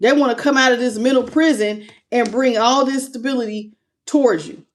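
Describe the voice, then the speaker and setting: A woman's voice: on the high side, moderate pace. A woman giving a casual livestream tarot reading, chatting loosely and greeting viewers by name as "baby". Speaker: tarot reader.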